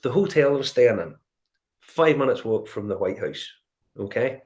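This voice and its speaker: Lively Northern Irish man telling stories. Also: medium pitch, moderate pace. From Northern Ireland. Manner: animated storyteller, acts out dialogue. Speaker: whiskey show guest. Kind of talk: casual chat.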